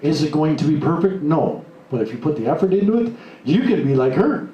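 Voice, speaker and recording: A man's voice: fairly high pitch, expressive, brisk, mellow, distant mic, dull audio. A man giving an emphatic motivational seminar talk to a live audience, acting out the voices he quotes. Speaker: seminar speaker. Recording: echoey room, voice off-mic, faint hiss.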